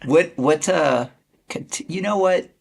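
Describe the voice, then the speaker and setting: A man's voice: fairly high pitch, slow pace, creaky. A man hosting a podcast interview, chatting casually and teasing his guest in a friendly way. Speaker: podcast host.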